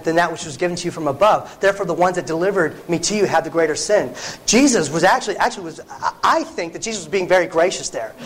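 A man's voice: on the high side, low-quality recording. A man preaching a sermon in an earnest, conversational way, often restarting phrases and adding asides to the congregation.

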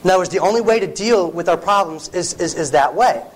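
A man's voice: high-pitched, lively intonation, quick pace, poor audio. A man preaching a sermon in an earnest, conversational way, often restarting phrases and adding asides to the congregation.

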